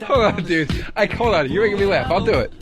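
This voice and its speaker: A man's voice: high voice, animated, quick pace, over loud music. A man in his thirties co-hosting a comedy radio show, arguing defensively, laughing a lot and swearing. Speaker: radio co-host. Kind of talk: bickering comedy radio banter.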